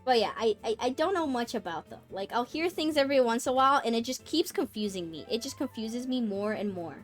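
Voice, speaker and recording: A woman's voice: a little high, animated, brisk. A woman livestreamer chatting casually, giggly, swearing now and then and stumbling over her words. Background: faint game music.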